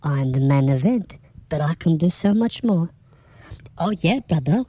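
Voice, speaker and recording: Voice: medium pitch, animated, a little slow, dark tone. A performer voicing a boastful AI robot wrestler, who talks in a brash wrestling-promo style. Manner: wrestling-promo bravado, keeps calling people brother. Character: boastful AI robot wrestler, pushy "brother" talker.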